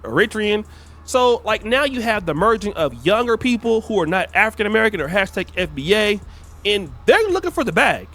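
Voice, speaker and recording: A man speaking in a measured, explanatory way about culture and marketing. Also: high voice, very animated, a bit bright.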